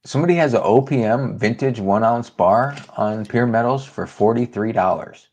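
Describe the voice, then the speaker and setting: A man co-hosting a livestream in casual chat, calmly reading out listings and viewer comments. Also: medium pitch, normal speed. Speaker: co-host of a precious metals livestream.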